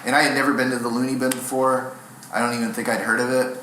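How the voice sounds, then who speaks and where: A man's voice: mid-range voice, level tone, quick pace, pushed and bright, a little hiss or hum. A young adult man, a stand-up comedian and guest in an interview, telling rambling, self-deprecating stories in a casual way. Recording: echoey room.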